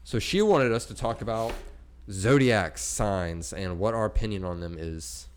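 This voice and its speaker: A man's voice: on the low side, animated, a little slow, clean tone. A young man hosting a casual podcast, explaining listener topics in a loose, laid-back way. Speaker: podcast host. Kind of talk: casual chat.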